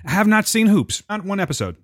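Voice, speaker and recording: A man's voice: high voice, sing-song, fast, dry recording, clean studio sound. A man co-hosting a podcast in casual chat, enthusiastic and emphatic, laughing easily. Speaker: podcast co-host.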